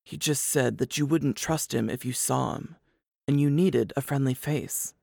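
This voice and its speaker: A woman reading an audiobook, voicing a calm, guarded man who speaks low and restrained. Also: a little slow, vocal fry, breathy edge, dry recording, studio quality, heavily acted. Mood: quiet, restrained. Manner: low, hushed, restrained delivery.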